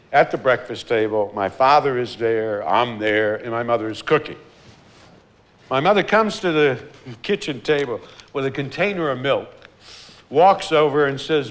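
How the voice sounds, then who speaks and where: An older man, an artist, telling candid stories from his life in a documentary, laughing often and acting out what people said. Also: mid-range voice. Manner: animated anecdotes, laughing often, acting out quotes.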